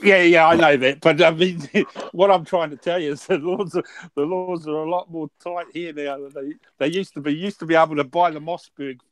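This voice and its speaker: A man with a New Zealand accent chatting casually, halting and restarting his sentences often. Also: on the high side, fairly even intonation, a bit bright, dry recording. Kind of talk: casual chat.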